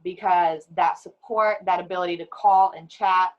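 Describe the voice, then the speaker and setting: Candid, lively woman on a video call. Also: lowish voice, normal speed, muffled recording. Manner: candid, animated, with laughs and acted quotes. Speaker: advocate for abuse survivors. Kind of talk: webinar panel talk.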